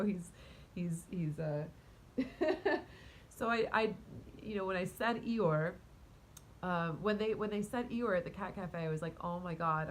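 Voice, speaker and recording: A woman casually telling a story to her viewers in a rambling, animated way, full of fillers, restarts and quick laughs. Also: on the low side, a little hiss or hum, poor audio. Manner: talks to her cat mid-story. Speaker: vlogger and spiritual coach.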